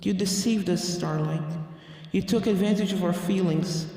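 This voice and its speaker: A reader voicing a chorus of vengeful ghost ponies that speak as one, in a quiet, accusing, menacing tone for a fan fiction reading. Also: mid-range voice, very animated, moderate pace. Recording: distant, echoey, hall-like reverb.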